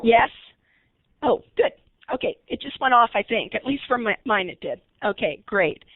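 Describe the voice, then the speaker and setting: A woman's voice: on the high side, expressive, moderate pace, no echo. A woman leading a recorded webinar training, talking conversationally and asking her audience questions. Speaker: early intervention trainer. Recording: tinny phone-like line, dry.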